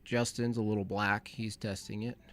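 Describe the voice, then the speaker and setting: A man's voice: lowish voice, flat delivery, moderate pace, no echo. A man hosting a call-in livestream, chatting casually and rambling to himself as he sets things up. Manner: rambling, laid-back, talks to himself while setting up. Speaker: livestream host.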